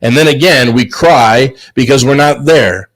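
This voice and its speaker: A man's voice: mid-range voice, a little slow, a bit bright, low-quality recording. A man hosting a chef business show, giving an emphatic, preachy motivational talk on a video call. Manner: emphatic, preachy, repeats words. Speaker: host.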